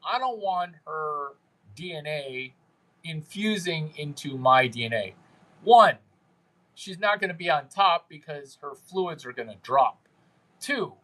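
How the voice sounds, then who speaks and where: A man's voice: on the high side, a bit bright, low-quality recording. A man hosting a livestream, chatting with viewers in a brash, crude, rambling way and mocking them. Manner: mimics viewers in put-on voices. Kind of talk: unscripted livestream chat with viewers.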